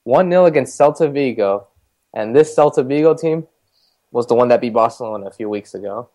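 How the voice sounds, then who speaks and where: A man's voice: mid-range voice, lively intonation, brisk, warm tone. Chatty man recapping football scores. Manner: jokey, chatty. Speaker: podcast co-host. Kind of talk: casual chat recapping league results.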